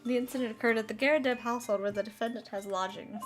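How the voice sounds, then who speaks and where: A woman voicing a dutiful male police detective with an English accent, giving brisk, eager testimony. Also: a little high, steady tone, soft background music, close to an everyday voice. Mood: reporting.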